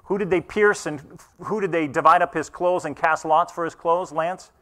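A pastor preaching a conversational sermon in church, earnest and asking the congregation questions. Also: male voice, on the high side, normal speed, a bit bright.

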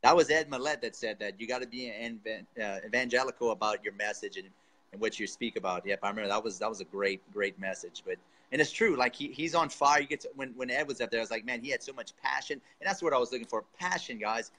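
A man's voice: mid-range voice, fast, pushed and bright, poor audio. A man coaching a student in a casual interview, enthusiastic and encouraging, full of slangy praise. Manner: enthusiastic, encouraging, says dude and man a lot. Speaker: real estate coach.

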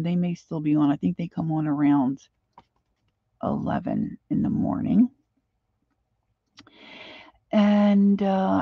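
A woman's voice: on the low side, creaky, dark tone, slightly rough, no echo, muffled recording. A woman with a Philadelphia accent, chatting in a rambling, friendly way as she wraps up an art journaling livestream. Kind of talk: casual chat.

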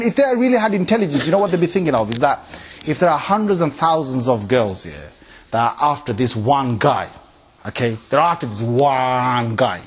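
A man giving a lecture at a mosque, talking animatedly and checking in with his listeners with quick questions. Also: medium pitch, husky. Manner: animated, acts out quoted voices and laughs often. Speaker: Islamic lecturer.

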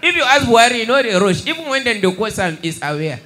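A young Nigerian man doing stand-up comedy, mixing Pidgin and English and shouting his punchlines. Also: very high voice, big pitch swings, fast, a little hiss or hum.

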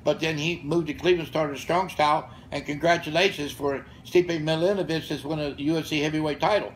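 A man's voice: fairly high pitch, fairly even intonation, brisk, a little hiss or hum, rough recording. A man in his sixties telling blunt, profane stories in casual podcast talk as the show's guest. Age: 60s. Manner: blunt, profane, fired-up storytelling. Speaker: podcast guest and gym founder. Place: gym or studio with room ambience.

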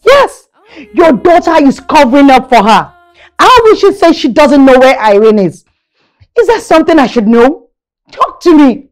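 A woman's voice: mid-range voice, sing-song, a little slow, long pauses, husky. An actress with a Nigerian accent playing an overprotective, anxious mother who pleads and insists. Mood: demanding. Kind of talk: film drama acting.

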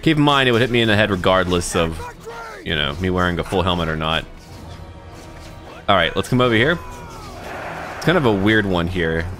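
A man's voice: low-pitched, expressive, brisk, pauses often, bright, forceful tone, soft background music. A man giving casual let's-play commentary, thinking aloud and talking to his troops as he plays. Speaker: gaming YouTuber.

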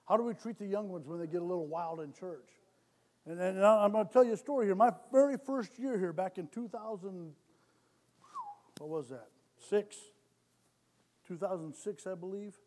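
High-voiced man preaching with mounting fervor. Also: normal speed, long pauses. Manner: repetitive, calls for amens, builds to loud exhortation. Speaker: lay preacher. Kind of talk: sermon. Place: church sanctuary.

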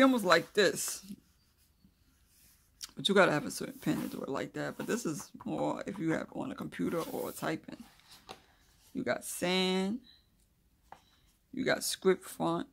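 Gravelly-voiced host of a casual lettering tutorial. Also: mid-range voice, measured pace, pauses often, a bit bright. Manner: reads notes aloud, then chats loosely while demonstrating; thinks aloud with mumbled asides while drawing. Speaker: craft video host.

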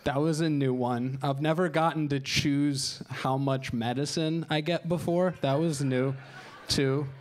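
A man in his thirties tells stand-up stories in a fairly high voice. His delivery is dry and deadpan, with crude asides, and he slips into voices for the people he quotes. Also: a little slow. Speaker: stand-up comedian. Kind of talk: stand-up storytelling. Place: comedy show stage.

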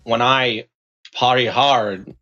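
A man doing an impression of an older male film star, speaking slowly with odd pauses between words. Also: medium pitch, sharp tone, highs cut off, soft background music. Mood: deadpan.

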